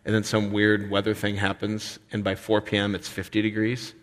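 A man preaching a sermon as pastor, animated and expressive, sometimes acting out the voices of complaining people. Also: lowish voice, moderate pace. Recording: long reverb of a hall.

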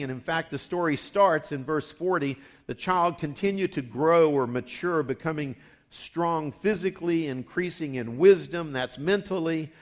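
A man preaching a sermon in a conversational way, rising for emphasis and dropping low for asides. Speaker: pastor.

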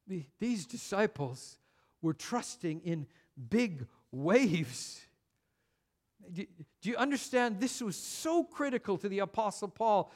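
A man's voice: high-pitched, animated, measured pace. A man preaching a sermon, telling a personal story and building to emphatic points. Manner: storytelling, rising to emphatic intensity. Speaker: pastor.

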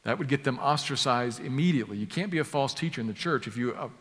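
A man's voice: mid-range voice, lively intonation, fast talker, fairly bright tone. A man preaching an expository sermon, explaining a passage in an emphatic way and repeating key words for stress. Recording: long hall reverb.

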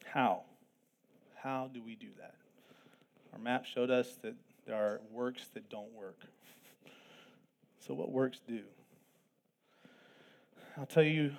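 A pastor preaching an earnest sermon, with plain asides between scripture readings. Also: male voice, medium pitch, darkish tone. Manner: earnest preaching with asides and quick self-deprecating jokes. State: throat tickle, coughing at times.

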